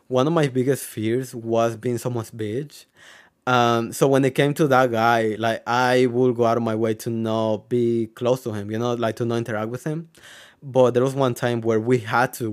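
A young man from Mexico telling a personal story to camera in a casual, rambling way, full of "like" and "you know" and some swearing. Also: medium pitch. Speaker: vlogger.

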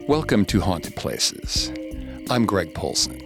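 Middle-aged guy with a lowish voice telling a creepy story slow and hushed, faint music under it. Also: big pitch swings. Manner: slow, hushed, suspenseful delivery. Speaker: podcast host and narrator. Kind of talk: scripted horror narration. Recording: studio narration over faint music.

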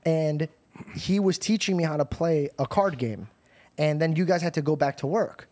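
A young man hosting a podcast, telling a story in a casual, animated way with laughter and swearing. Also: fairly high pitch, moderate pace. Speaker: podcast host.

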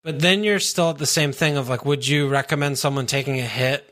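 A man's voice: medium pitch, a little fast, a bit bright. A tired man co-hosting a podcast, chatting in an easygoing way, full of "you know" and "yeah". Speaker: podcast co-host. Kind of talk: casual chat.

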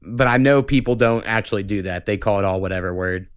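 A man from southern Oklahoma hosting a casual podcast, talking in relaxed, profane, loose bursts. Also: on the low side, fast talker, smooth, no room sound, studio quality. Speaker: podcast host.

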